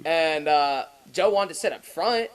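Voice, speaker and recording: A man's voice: on the high side, expressive, unhurried, clean tone, poor audio. Rambling, laughing young man telling stories. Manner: rambling, profane, often breaks into laughter. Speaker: podcast co-host. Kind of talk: casual storytelling chat.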